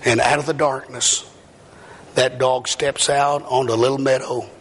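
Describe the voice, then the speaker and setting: A man's voice: medium pitch, flat delivery, measured pace, husky. A middle-aged male evangelist telling a story in a sermon, drawling and folksy with plenty of fillers. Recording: hall reverb, faint noise.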